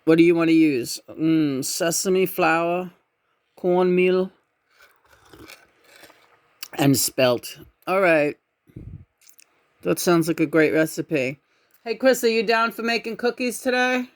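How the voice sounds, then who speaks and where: A woman giving a casual tarot reading in a musing, meandering way, often humming softly between thoughts. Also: lowish voice, takes it slowly, pauses often, dry recording. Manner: meandering, musing, with frequent murmured hums. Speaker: tarot reader.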